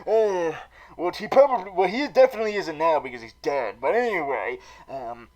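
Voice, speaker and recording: A man's voice: on the high side, lively intonation, normal speed, a little mellow, poor audio. A man hosting a comic recap vlog, rambling and profane with many fillers and restarts. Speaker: comedy vlogger in villain persona.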